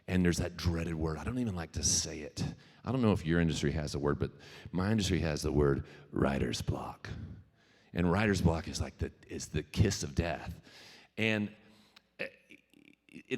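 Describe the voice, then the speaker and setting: A man from Louisiana giving a jokey, tangent-filled talk to a live audience, swearing now and then. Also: low-pitched. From Louisiana, US South. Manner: jokey, tangent-prone, addresses the crowd, swears freely. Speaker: featured speaker, singer-songwriter. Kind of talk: conversational keynote talk. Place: event venue with live audience. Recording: long hall reverb from a venue PA.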